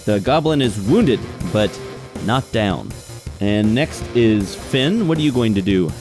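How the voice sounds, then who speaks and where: A man acting as game master, describing scenes and calling turns in an unhurried, descriptive way. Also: lowish voice, animated, over music. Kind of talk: narrating a tabletop game.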